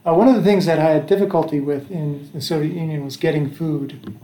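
An American man in his sixties, recalling his travels, tells the family about them in a casual, rambling way packed with fillers and restarts. His voice is a little high and mellow, with a steady tone and a slightly quick pace. The sound carries the echo of the room.

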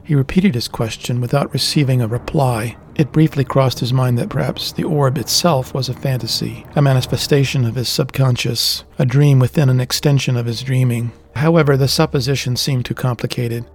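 A man narrating a fantasy audiobook in a steady, deliberate reading style. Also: mid-range voice, slight background noise.

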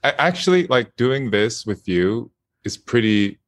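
A man's voice: mid-range voice, very animated, measured pace, dry recording. A man guest voice actor in a casual interview chat, laughing often and speaking hesitantly with many fillers.

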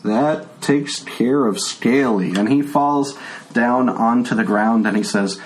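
A man narrating as game master in a relaxed, chatty way. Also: medium pitch, slow pace, poor audio.

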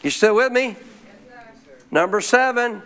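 A man with a high voice preaches a sermon to a congregation. He keeps calling out questions for the room to answer and draws out key phrases slowly for emphasis. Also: animated, a bit bright, smooth. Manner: call-and-response preaching with frequent questions to the congregation; slows to stress key phrases. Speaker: pastor.

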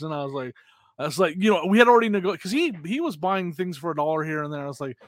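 A middle-aged man co-hosting a podcast, telling rambling anecdotes with quick laughs and acting out the voices of people in his stories. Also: on the high side, expressive, dry recording, studio quality. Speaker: podcast co-host. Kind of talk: casual chat, storytelling.

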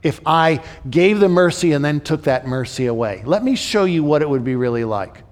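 A man's voice: fairly high pitch, animated, normal speed, close to an everyday voice. A man voicing God, explaining in an earnest, rising, insistent way. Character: patient, pleading divine voice, male. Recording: long hall reverb.

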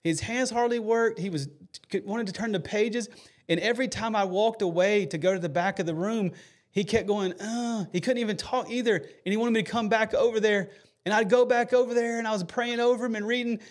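A man's voice: high-pitched, fairly even intonation, fairly quick. A man hosting a faith podcast, telling a story earnestly and emotionally, with many fillers and restarts. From United States. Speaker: podcast host.

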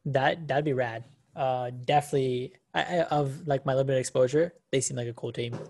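A man's voice: medium pitch, fairly quick, vocal fry. Laid-back man on a podcast. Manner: relaxed, with stammered restarts. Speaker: podcast co-host. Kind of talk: casual review chat.

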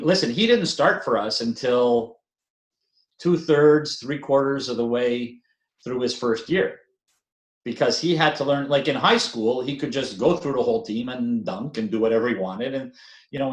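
An older man in his sixties speaks as a longtime basketball coach being interviewed. He rambles in a relaxed, self-deprecating way, with plenty of fillers and restarts. His voice sits at an ordinary middle pitch and carries a noticeable roomy echo. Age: 60s. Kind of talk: casual interview talk.

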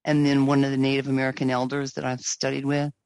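A woman's voice: very deep voice, completely flat delivery, fast talker, darkish tone, no echo, low-quality recording. A woman guest in an interview, speaking earnestly and enthusiastically about spiritual experience. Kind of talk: casual interview chat.

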